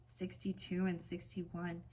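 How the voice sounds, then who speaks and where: A woman's voice: on the low side, monotone, slightly rough. Chatty woman giving an oracle card reading. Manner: chatty, rambling asides; reads card meanings in a soft, slow cadence. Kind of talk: casual spiritual card reading.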